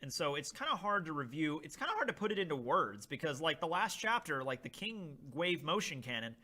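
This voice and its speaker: Animated young man chatting on a livestream. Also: a little high, fairly quick. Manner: reads chat aloud, tastes snacks, animated and rambling. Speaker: livestream host. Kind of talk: casual livestream chat.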